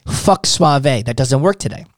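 A man giving sales advice in a loose, profane style, his pitch swinging widely as he acts out both sides of his stories. The sound is dry and close, with no room around it. He is blunt and direct. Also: lively intonation, moderate pace, no room sound. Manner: blunt, swearing, acts out dialogues. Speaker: sales trainer.

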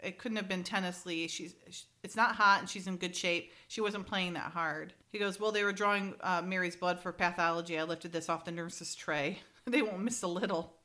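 Bright-voiced woman recapping with laughter. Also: fairly low pitch, moderate pace, hardly any pauses. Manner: animated, laughs often, acts out quoted dialogue. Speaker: podcast co-host recapping an episode. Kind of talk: casual chat.

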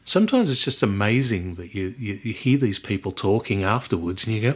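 A man's voice: fairly low pitch, big pitch swings, a little fast, slightly rough. A man hosting a film podcast, chatting casually, rambling and laughing easily. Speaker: podcast host.

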